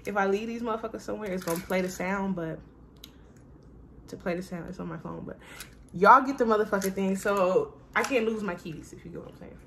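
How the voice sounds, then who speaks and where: A woman's voice: lowish voice, normal speed, gravelly, fairly bright tone, slight background noise. A young woman, chatting casually to her viewers in a rambling, profane way, trailing off and sighing often. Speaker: vlogger. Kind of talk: casual chat to camera.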